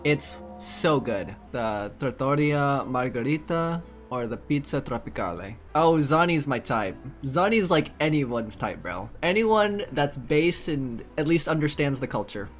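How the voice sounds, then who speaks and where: A game streamer reacting with excited, gushing commentary and frequent laughs. The delivery is unhurried, drawn out word by word, with quiet music in the background. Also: medium pitch.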